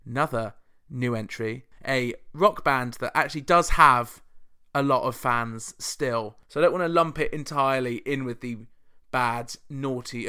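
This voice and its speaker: A man's voice: medium pitch, bright, forceful tone, clean tone. A man from the UK hosting a chart show podcast, giving casual commentary that is snarky, sarcastic and chatty.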